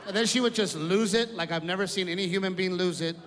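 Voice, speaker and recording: A man telling animated stand-up stories on stage. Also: high voice, fast. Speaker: stand-up comedian. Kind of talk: stand-up comedy. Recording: hall echo with crowd and noise.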